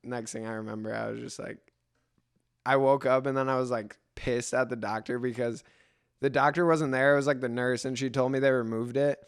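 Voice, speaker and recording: Laid-back young man, smooth slangy chat. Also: mid-range voice, steady tone, brisk. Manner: laid-back slangy storyteller, lots of "like" and "dude". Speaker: podcast guest. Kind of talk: casual chat.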